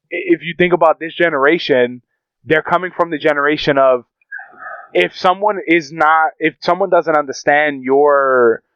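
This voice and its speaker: Dude rambling and cussing on a podcast, smooth voice, kinda dull lo-fi sound. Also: male voice, a little high, no echo. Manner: profane, rambling, animated storyteller. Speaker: podcast co-host. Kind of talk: casual chat.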